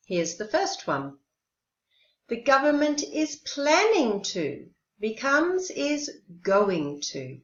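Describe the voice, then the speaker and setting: A woman teaching an English lesson, speaking slowly and carefully and modelling pronunciation clearly. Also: high voice, huge pitch swings, fairly bright tone. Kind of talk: recorded language lesson. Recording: roomy, dull lo-fi sound.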